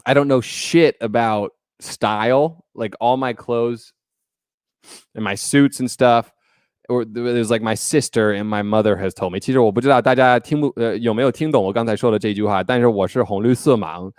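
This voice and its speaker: A man's voice: medium pitch, moderate pace, a little mellow, smooth, no room sound, clean studio sound. A man hosting a casual livestream, chatty and joking as he greets viewers by name. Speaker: livestream host.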